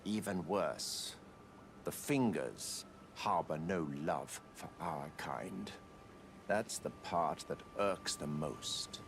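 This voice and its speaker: A man voicing a grave, gravelly older warrior in a video game, speaking in measured, archaic, confiding tones. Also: low-pitched, animated, noisy background, full character voice. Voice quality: gravelly, archaic formal speech. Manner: measured, confiding theatrical delivery.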